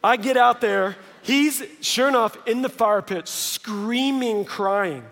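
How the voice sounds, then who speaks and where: High-voiced pastor in a reverberant hall. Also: male voice, slow pace, creaky. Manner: lively storytelling with joking asides. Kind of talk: sermon. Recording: long reverb of a large hall.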